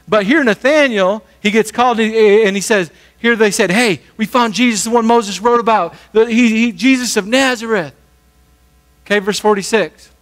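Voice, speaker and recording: A man preaching a sermon as pastor, talking conversationally and briefly acting out the people in the story. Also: high-pitched. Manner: conversational, animated, acts out quick voices.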